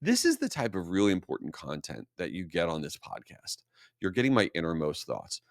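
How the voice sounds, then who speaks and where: Lively self-mocking male podcast host. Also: sits low, fairly quick, creaky, dry recording, studio quality. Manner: animated, self-mocking storyteller. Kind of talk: casual solo podcast monologue.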